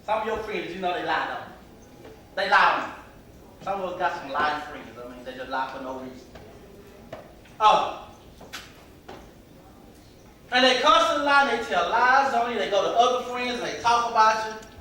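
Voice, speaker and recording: A man, preaching to young people in a relaxed, conversational way and acting out the voices of the people in his stories. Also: high-pitched, normal speed. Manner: conversational preaching, acts out quotes. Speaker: youth pastor. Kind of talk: preaching to youth. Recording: echoey hall, voice from far off, faint noise.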